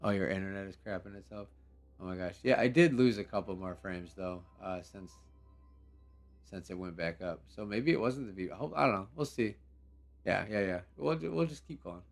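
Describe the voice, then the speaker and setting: In a low, creaky voice at normal speed, a young male streamer talks his way through a live game broadcast. He keeps it laid-back, slangy, and rambling, laughing at his reactions, with faint background music.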